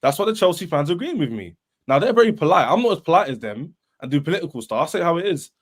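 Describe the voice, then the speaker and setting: Fast-talking man, heated. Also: fairly high pitch. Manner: animated, emphatic, repeats himself. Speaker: Chelsea fan panelist. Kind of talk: heated football podcast debate.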